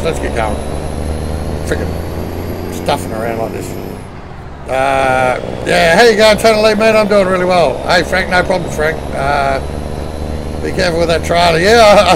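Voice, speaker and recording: Australian streamer, man, raised gravelly voice, chatty and cussing, background noise. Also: a little high, normal speed. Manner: chatty, easily flustered, swears freely. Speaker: truck sim live streamer. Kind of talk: casual live-stream chat greeting viewers.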